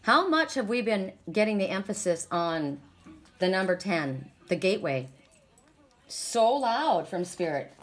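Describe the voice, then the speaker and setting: A woman's voice: mid-range voice, big pitch swings, a little slow. A woman with a sore throat giving a casual, rambling oracle card reading, stressing her points with many restarts.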